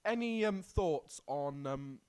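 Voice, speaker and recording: A man's voice: fairly high pitch, expressive, takes it slowly, darkish tone, clean tone. A young man co-hosting a casual podcast, teasing his partner and often breaking into giggles. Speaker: podcast co-host. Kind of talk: casual chat.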